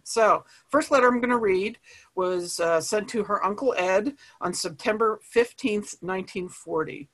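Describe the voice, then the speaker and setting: A woman's voice: fairly low pitch, fairly bright tone, husky. Woman curator reading old letters aloud. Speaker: archive curator.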